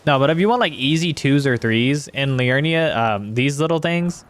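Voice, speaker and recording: Man, streamer, casual gameplay chat, mid pitch, rambling, sweary. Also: lively intonation, normal speed. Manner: rambling, sweary, talks to chat while playing.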